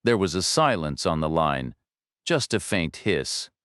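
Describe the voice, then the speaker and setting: A man narrating a thriller audiobook in measured, steady storytelling, recorded on a studio microphone. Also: deep voice, no room sound. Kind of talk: scripted narration.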